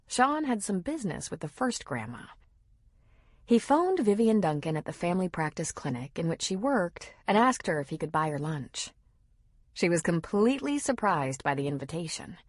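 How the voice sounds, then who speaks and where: A woman narrating a romance audiobook in an expressive, intimate way. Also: lowish voice, no echo, clean studio sound. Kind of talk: scripted narration.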